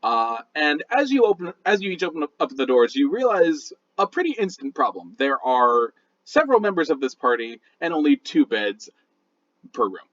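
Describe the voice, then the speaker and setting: A man narrating a tabletop game as game master, in a relaxed way full of fillers, recorded with slightly muffled lo-fi audio. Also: a little high, normal speed.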